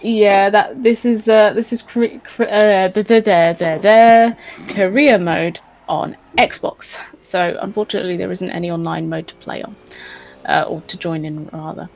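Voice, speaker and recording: A woman's voice: medium pitch, fairly even intonation, unhurried, creaky, a little mellow, low-quality recording. A woman co-hosting a live stream, reading out chat in a casual, giggly way with plenty of hesitations. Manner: giggly, hesitant, lots of ums.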